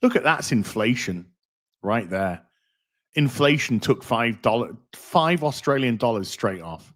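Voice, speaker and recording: A man's voice: medium pitch, animated, a little slow, fairly bright tone. A middle-aged man hosting a casual livestream, rambling, reading out donations and swearing freely. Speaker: livestream host.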